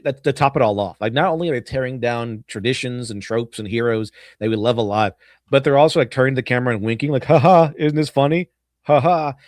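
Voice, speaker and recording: A man hosting a casual podcast, rambling through his points with lots of restarts and chuckles. His voice sits at an ordinary middle pitch. The sound is dry and close, with no room around it. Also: no room sound. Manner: rambling, laughs often, many restarts. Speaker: podcast host. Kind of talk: casual chat.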